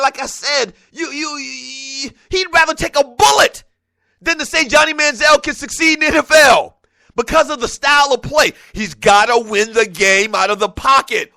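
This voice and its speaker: Fired-up sports talk host, high bright voice. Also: male voice, no room sound. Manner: fired up, exclaiming, repeats himself. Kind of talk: animated sports talk rant.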